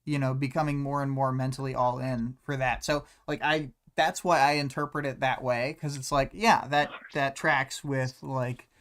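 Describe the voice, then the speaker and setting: A young adult co-host thinks aloud in a loose, halting way, with frequent fillers and restarts. The voice sits in a middle pitch range and the tone stays conversational. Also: little pitch movement, fairly bright tone. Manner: hesitant, rambling, heavy use of "like". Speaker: podcast co-host. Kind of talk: casual discussion of a web serial.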